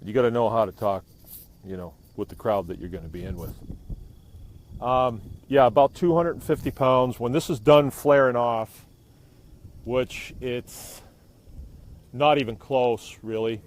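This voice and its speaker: A man's voice: medium pitch, measured pace, long pauses. Easygoing New man outdoors. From New England. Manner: easygoing, rambling, jokey. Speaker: biochar maker streaming live. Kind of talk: casual live-stream demonstration. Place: outdoors beside a burning kiln. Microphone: phone held by the speaker. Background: roar of a fire.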